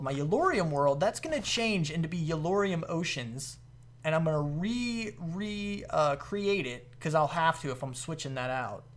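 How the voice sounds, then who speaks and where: A man giving casual commentary over his modded gameplay, excitable, laughing often and jumping to high-pitched exclamations. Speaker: gaming video host.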